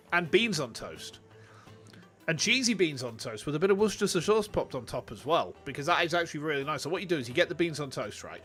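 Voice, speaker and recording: An English man streaming a video game, chatting casually in an animated, rambling, jokey way. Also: medium pitch.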